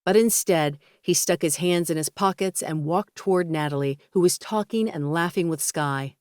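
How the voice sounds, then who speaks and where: A woman reading a romance audiobook in a steady, even storytelling voice on a close studio mic. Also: on the low side, normal speed, no room sound. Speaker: audiobook narrator. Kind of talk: scripted narration.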